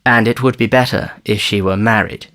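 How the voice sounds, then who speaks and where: A man voicing a stern colonial commissioner who speaks calmly and curtly, with dry humour. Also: on the low side, normal speed, natural voice. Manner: calm, curt, dryly humorous.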